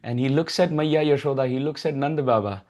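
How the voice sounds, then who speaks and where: Male preacher, mid pitch, lively storytelling sermon with chanted verses. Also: brisk, lo-fi sound. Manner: animated, acts out mothers' voices in high tones, chants verses. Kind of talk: devotional storytelling lecture.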